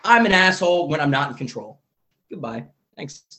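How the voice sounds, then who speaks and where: A man's voice: fairly high pitch, very animated, normal speed, bright, forceful tone. Rambling, self-mocking man on a video call. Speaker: speaker sharing recovery story. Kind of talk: candid personal sharing on a video call.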